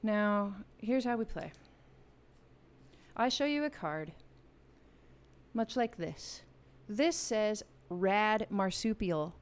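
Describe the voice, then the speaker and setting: A woman's voice: mid-range voice, animated, slow pace, long pauses, clear, resonant tone. Woman, live-stream game host, chatty, playful, explaining rules, studio mic, home music room. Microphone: studio vocal mic.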